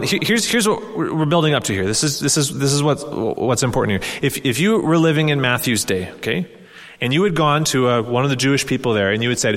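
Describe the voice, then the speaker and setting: A man preaching a sermon in an earnest teaching tone, reading scripture aloud with rising emphasis. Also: mid-range voice. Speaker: pastor. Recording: long hall reverb.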